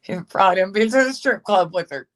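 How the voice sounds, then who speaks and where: A livestream host with a medium-pitched, fairly bright voice talks fast, gossiping casually and sarcastically about online personalities. They greet commenters, read the chat, and laugh often.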